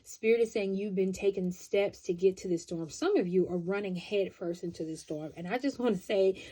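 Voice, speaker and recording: A woman giving a pick-a-card tarot love reading, chatty and expressive, often checking in with "right?". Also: fairly low pitch, fairly quick, hardly any pauses.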